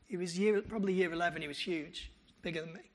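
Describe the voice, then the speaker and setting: A man's voice: sits high, fast. A male pastor, preaching a sermon and telling stories with quoted dialogue. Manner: animated storytelling with quoted dialogue.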